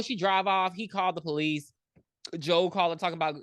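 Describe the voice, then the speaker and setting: A woman's voice: on the low side, a little fast, dry recording, studio quality. A woman co-hosting a podcast, retelling a horror film in a blunt, joking, slangy way. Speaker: podcast co-host. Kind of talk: casual chat recapping a horror film.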